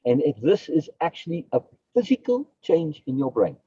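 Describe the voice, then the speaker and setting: A man's voice: fairly high pitch, very animated, normal speed, breathy edge, dry recording, lo-fi sound. A man, a philosophy guest on a podcast, explaining his ideas emphatically, repeating key phrases and asking and answering his own questions.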